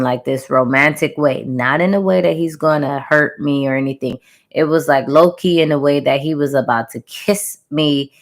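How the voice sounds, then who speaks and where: A young adult woman casually retelling a dream to her viewers in an emphatic, slangy way, speaking straight to the camera. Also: low voice. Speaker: spiritual reader sharing a channeled message.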